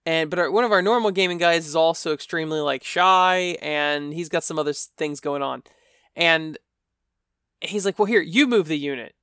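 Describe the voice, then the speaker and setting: A man's voice: on the high side, moderate pace, bright, forceful tone, clean tone, no echo, studio quality. A man hosting a casual solo podcast, telling a story in a chatty, rambling, wry way. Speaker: podcast host.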